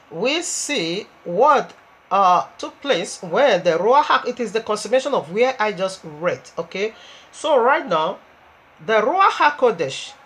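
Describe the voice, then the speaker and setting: A woman's voice: mid-range voice, breathy edge. Woman preaching with scripture readings. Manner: reads scripture aloud, breaks off with asides and laughs.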